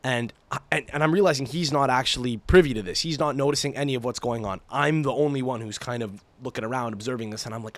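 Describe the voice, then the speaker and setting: A man's voice: mid-range voice, fast talker. Profane young man telling stories. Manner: animated, profane, exaggerated storytelling. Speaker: podcast host. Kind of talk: casual solo podcast storytelling.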